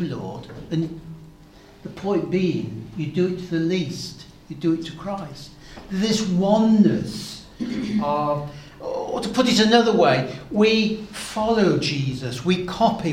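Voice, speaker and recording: A man preaching a sermon, expounding Bible passages slowly and turning to the congregation with asides. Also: fairly high pitch, slight background noise. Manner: slow, measured Bible exposition with asides to the congregation. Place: church hall. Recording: echoey hall, faint ambience.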